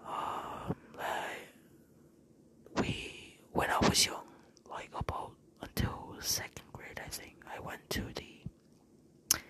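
Slow close-mic whispering young man. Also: pushed and bright. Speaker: podcast host. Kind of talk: whispered ASMR monologue. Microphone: earphone mic held very close.

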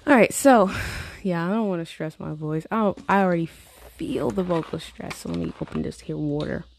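A woman's voice: fairly low pitch, very animated, normal speed, vocal fry, darkish tone, slight background noise. A woman, rambling in a casual vlog about her songwriting, swearing and laughing often. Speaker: songwriter vlogger. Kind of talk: casual chat to camera.

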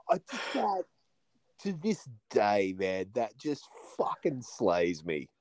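Aussie guy retelling movie scenes, swoopy lively voice, dry room. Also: lowish voice, slow, no room sound. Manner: animated retelling, laughs between lines. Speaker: podcast co-host. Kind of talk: casual movie chat.

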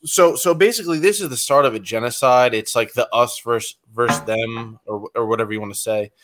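A man in a casual chat, speaking calmly and matter-of-factly, with many fillers. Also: medium pitch, brisk, noisy background.

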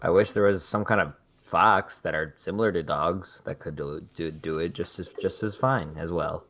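A man's voice: low-pitched, moderate pace, fairly bright tone. A man co-hosting a movie podcast, joking, swearing casually and laughing. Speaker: podcast co-host. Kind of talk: casual movie recap chat.

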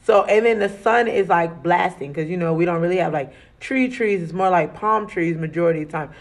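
A woman from Arizona in casual chat, telling an animated, slangy story and laughing often. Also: lowish voice, fairly quick.

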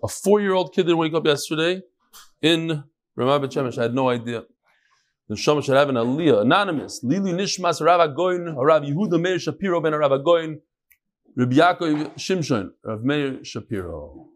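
A man's voice: fairly high pitch, expressive, moderate pace. A man hosting a daily class, reading out sponsor dedications and listener messages with casual asides. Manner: conversational, ad-libbing asides while reading. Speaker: rabbi and class host.

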